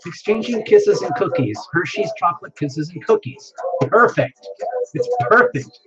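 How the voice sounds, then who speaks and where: A man's voice: sits high, big pitch swings, measured pace. A man hosting a tarot live stream, chatting playfully with viewers, reading out their names and laughing often. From United States. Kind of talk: casual live-stream chat greeting viewers. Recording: dull lo-fi sound with music behind. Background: music playing.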